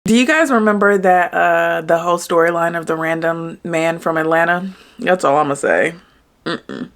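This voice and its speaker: A woman hosting a reaction video comments casually between clips. Her voice sits somewhat low for a woman, and her asides come across as chatty and incredulous. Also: moderate pace. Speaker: host reacting to a clip.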